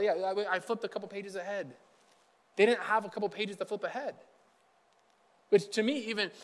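A high-pitched male pastor preaches a casual, conversational sermon. He is chatty and acts out quotes from Bible figures in everyday speech.

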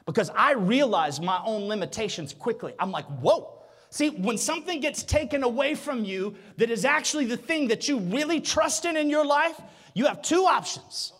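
Pastor, male, high and animated, builds from asides to shouts; recorded with long hall echo. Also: moderate pace. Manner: animated preaching with rhetorical questions and swells to a shout. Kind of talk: sermon.

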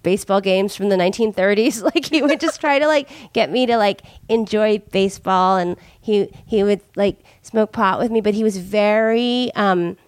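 A woman's voice: medium pitch, moderate pace, hardly any pauses, no echo. Chatty woman with a dry sound. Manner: rambling, many "like"s and laughs. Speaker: comedian guest. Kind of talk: casual podcast chat.

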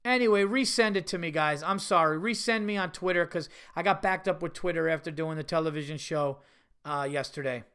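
A man hosting his own podcast, telling profane, animated stories with laughs in a casual, unscripted way. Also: fairly high pitch, fairly quick, clear, resonant tone. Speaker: podcast host and stand-up comedian. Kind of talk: casual solo podcast storytelling.

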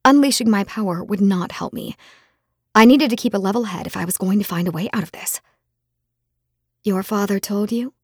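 Husky-voiced woman narrating an audiobook. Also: medium pitch, quick pace, no room sound, clean studio sound. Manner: expressive, heated in dialogue. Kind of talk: first-person fantasy narration.

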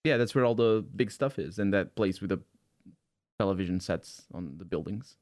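A man's voice: sits low, moderate pace, darkish tone, no room sound, studio quality. A man from outside the United States in casual podcast chat, rambling and searching for words, often laughing.

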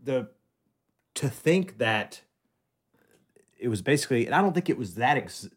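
A man's voice: mid-range voice, big pitch swings, moderate pace, breathy edge. A man hosting his podcast in casual chat, joking with a dry, sarcastic tone into a studio microphone. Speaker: podcast host.

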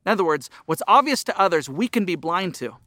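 A man's voice: high voice, very animated, brisk, pushed and bright, no echo, clean studio sound. A middle-aged man preaching a sermon as pastor, earnest, his voice rising and dropping for emphasis.

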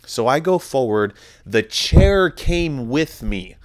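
A man's voice: on the high side, huge pitch swings, slow. A young man from telling a rambling, profane story about a night out on his podcast. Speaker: podcast host. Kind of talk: casual storytelling monologue.

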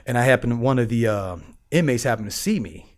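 Podcast guest, male, rapid-fire animated storyteller who uses street slang and acts out voices. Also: mid-range voice. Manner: animated, acts out the people he quotes.

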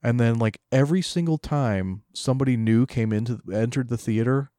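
A man's voice: mid-range voice, a little fast, dark tone, dry recording, studio quality. A man co-hosting a podcast, ranting in a casual, profane, mocking way. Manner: ranting, heavy swearing, mocking imitations. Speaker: podcast co-host.

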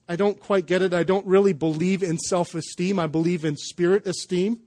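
A man's voice: high voice, darkish tone. A man preaching a sermon at a church service in a loose, conversational way, with jokes and restarts. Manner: conversational, joking, with fillers and restarts. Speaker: pastor.

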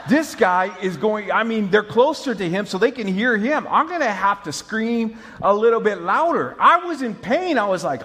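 A man preaching a sermon as pastor, telling stories with lively swings between loud and soft. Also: sits high, normal speed, hardly any pauses. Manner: animated storyteller, mimics moaning, swings loud and soft.

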